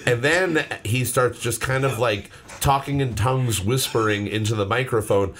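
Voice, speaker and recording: A man's voice: mid-range voice, normal speed, a bit bright. A man hosting a casual podcast, rambling and swearing as he tells stories. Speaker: podcast host. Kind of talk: casual chat.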